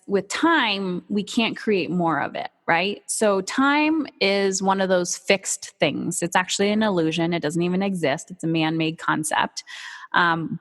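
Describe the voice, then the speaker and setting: A woman's voice: fairly low pitch, a bit bright. Woman, motivational speaker, emphatic and punchy, casual swearing, reverberant hall sound. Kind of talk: motivational talk.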